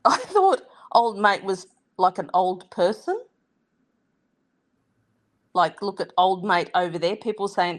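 A woman from Sydney with an Australian accent, co-hosting a casual comedy chat, exasperated and quick to swear. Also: lively intonation. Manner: exasperated, swears freely, swooping pitch. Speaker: podcast co-host.

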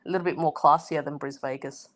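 A woman from Sydney with an Australian accent, co-hosting a casual comedy chat, exasperated and quick to swear. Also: fairly even intonation, a bit bright. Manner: exasperated, swears freely, swooping pitch. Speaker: podcast co-host.

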